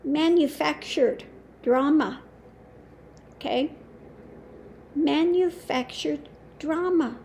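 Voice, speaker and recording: A woman speaking as a spiritual teacher in a casual monologue, deliberate and scornful, with long pauses. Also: sits high, a little mellow, a little hiss or hum. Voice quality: slow, deliberate with long pauses and frequent laughs. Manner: scornful, emphatic, mocking.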